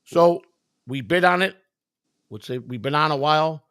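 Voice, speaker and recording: A man's voice: on the high side, normal speed, a bit bright, no room sound, studio quality. A man hosting a livestream, telling stories in casual chat in a blunt, profane, emphatic way and acting out other people's lines. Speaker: livestream host.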